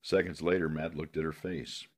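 A man narrating a western novel in a steady, measured way. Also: very deep voice, husky.

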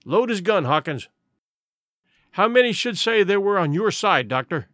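A man's voice: high-pitched, animated, moderate pace, sharp tone, no room sound, clean studio sound. A man reading an audiobook, voicing a stern, commanding male sea captain who gives clipped orders. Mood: terse. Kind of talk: audiobook character voice.

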